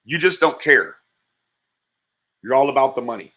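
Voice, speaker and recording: A man's voice: medium pitch, lively intonation, moderate pace, bright, forceful tone. A man hosting a livestream, reacting to a played clip with profane, mocking insults and thanking his viewers. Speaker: livestream commentator.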